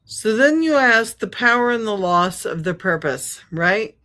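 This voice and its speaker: A podcast host who works as a spiritual healer talks through a reflective monologue. The delivery is unhurried, with each thought laid out slowly. Key words and phrases are repeated for emphasis. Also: medium pitch, animated, sharp tone. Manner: slow, repetitive, emphatic phrasing.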